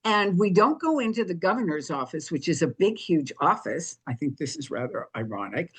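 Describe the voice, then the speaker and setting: An older woman, a guest on an interview show, telling her story in a lively, anecdotal way. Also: sits low, moderate pace, husky.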